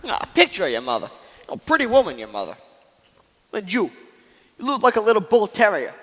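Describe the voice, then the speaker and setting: A man's voice: high-pitched, wildly swooping pitch, fairly quick, a bit bright, slight background noise, heavily acted. A teenage boy acting in a school play as a bossy, tough middle-aged uncle with a street drawl. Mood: teasing. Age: teens. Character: tough, cocky middle-aged uncle, a small-time hood. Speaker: student actor. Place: school auditorium stage. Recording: echoey hall from a room mic.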